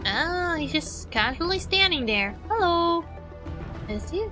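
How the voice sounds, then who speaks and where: A woman's voice: very high-pitched, expressive, a little slow, over music. A woman streamer chatting casually and playfully while playing a game, rambling through asides.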